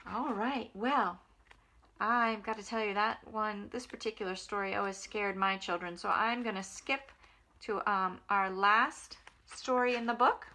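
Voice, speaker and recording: Bright expressive woman reading aloud. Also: medium pitch, unhurried, slight background noise. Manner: gentle, expressive, talks to small children. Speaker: nursery school reader. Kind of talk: storybook read-aloud for children.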